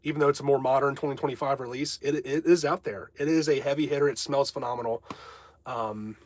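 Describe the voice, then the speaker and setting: A man's voice: medium pitch, steady tone, fast talker. Casual, candid male livestream host. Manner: rambling, candid, reads chat aloud. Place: home.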